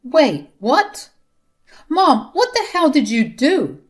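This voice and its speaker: A woman's voice: sits high, big pitch swings, takes it slowly, pitched above the performer's own voice, full character voice. Woman doing an angry grown son. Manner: angry, scolding. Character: exasperated grown son, young man.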